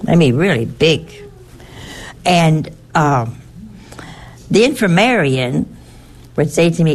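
An older woman, a nun, telling a personal story in a halting way, repeating words and adding chatty asides. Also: deep voice, lively intonation.

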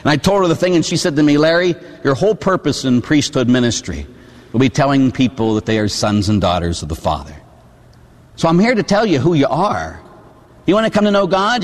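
A Catholic priest from Pittsburgh preaching a storytelling sermon, animated, acting out voices and shouting at the peaks. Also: male voice, high voice. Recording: long hall reverb.

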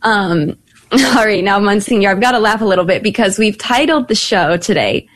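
A young woman hosting a live Catholic radio talk show, chatty, laughing at times, reading phone numbers slowly. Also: medium pitch, expressive.

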